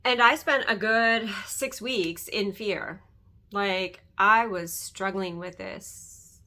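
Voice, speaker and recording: Bright-voiced woman sharing faith testimony. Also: mid-range voice, slow pace. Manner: earnest and emotional, often asks "right?". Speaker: host. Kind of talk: faith-centered personal testimony.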